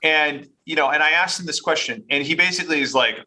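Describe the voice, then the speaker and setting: A middle-aged man, a company CEO, talking fast and animatedly in a casual business interview, often restarting his sentences. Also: on the high side, bright, forceful tone, low-quality recording. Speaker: company CEO, podcast guest.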